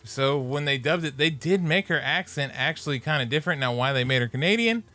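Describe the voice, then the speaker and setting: A man co-hosting a podcast in casual, animated, laughing banter. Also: fairly high pitch, brisk. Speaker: podcast co-host. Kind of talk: casual chat.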